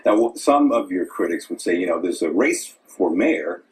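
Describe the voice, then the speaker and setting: A man's voice: low-pitched, lively intonation, normal speed, a little mellow. A man interviewing a guest on live TV, trying to placate him and keep control.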